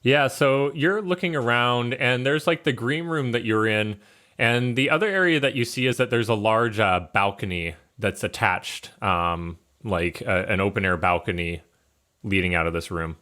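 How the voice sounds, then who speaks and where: A man narrating as game master, relaxed and halting with fillers. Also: medium pitch.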